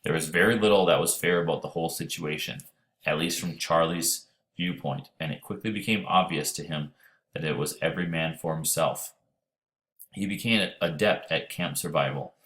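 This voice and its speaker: A man reading an audiobook chapter in steady, measured narration. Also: rumbling low.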